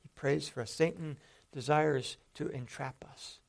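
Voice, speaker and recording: Gravelly-voiced man preaching earnestly. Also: a little high, steady tone, measured pace. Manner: earnest, conversational, with many restarts. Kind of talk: sermon.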